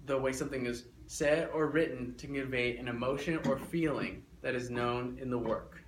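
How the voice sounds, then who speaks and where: A young man teaching a classroom lesson, energetic and coaxing, repeating his instructions. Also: mid-range voice, normal speed. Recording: echoey classroom with faint noise.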